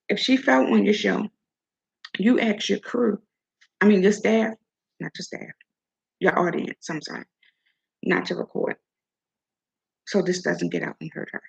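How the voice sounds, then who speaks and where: A woman's voice: medium pitch, creaky, slightly rough. An older woman hosting an opinion commentary vlog, sassy and talking straight at the person she criticizes. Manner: sassy, talks straight at her subject. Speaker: host. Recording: dull lo-fi recording.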